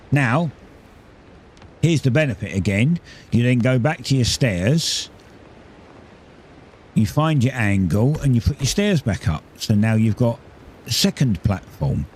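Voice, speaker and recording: A gaming streamer with a fairly low voice gives very animated, rambling commentary while playing a building game, explaining each step and often correcting himself. He keeps a measured pace with long pauses, and there's a little hiss or hum.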